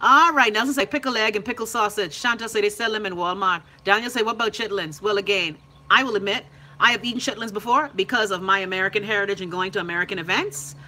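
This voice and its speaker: A woman's voice: mid-range voice, quick pace, pushed and bright. A brash, profane young Bahamian woman hosting a live call-in show, reading viewer comments and teasing them by name. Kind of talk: loud casual livestream chat reading viewer comments.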